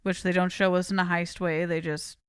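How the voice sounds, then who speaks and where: Smooth-voiced woman chatting, close dry mic. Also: fairly low pitch, flat delivery, a little fast, no echo. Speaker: podcast co-host. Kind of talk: casual movie discussion.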